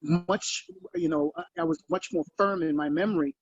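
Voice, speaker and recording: Man, audience member, raised pitch, gravelly, dry muffled call sound, earnest and halting. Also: very animated, dry recording. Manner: earnest, halting, repeats himself. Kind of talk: casual question-time comment.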